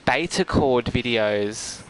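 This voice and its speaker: A man's voice: mid-range voice, slow pace, slight background noise. A middle-aged man chatting casually with viewers while streaming a game, giggling often and laughing hard. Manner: giggly, breaks into fits of laughter; chatty, talks to chat viewers. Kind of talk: casual gameplay livestream chat.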